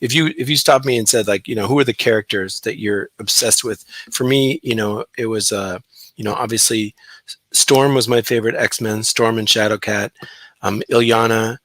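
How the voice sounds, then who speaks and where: A man's voice: lowish voice, fairly even intonation, moderate pace, a bit bright, no echo. A man chatting casually on a podcast about comics he loved, enthusiastic and rambling with restarts. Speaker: guest comic artist.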